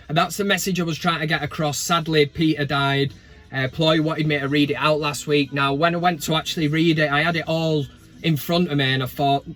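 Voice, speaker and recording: Man, vlog host, football chat, cheeky banter, swears a lot, slightly high voice. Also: a bit bright.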